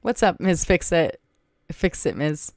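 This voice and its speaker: A woman's voice: fairly low pitch, lively intonation, unhurried, no echo, clean studio sound. A woman hosting a casual livestream, chatting, thinking aloud and thanking viewers by name. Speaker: livestream host. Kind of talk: casual livestream chat reading viewer comments.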